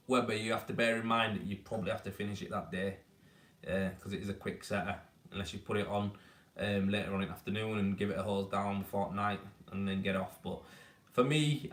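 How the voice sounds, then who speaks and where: Laid-back Yorkshire man, low voice, echoey. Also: fairly bright tone. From Yorkshire, England. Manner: laid-back, matey, rambling. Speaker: renderer hosting a live stream. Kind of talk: casual live-stream chat answering viewers. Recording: echoey room, mic at a distance.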